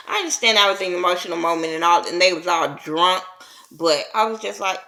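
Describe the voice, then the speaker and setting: A woman's voice: fairly low pitch, brisk. A woman giving a blunt, profane, casual recap of a reality TV episode, acting out the reactions as she goes. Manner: blunt, profane, animated retelling with voiced reactions. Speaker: TV show reviewer.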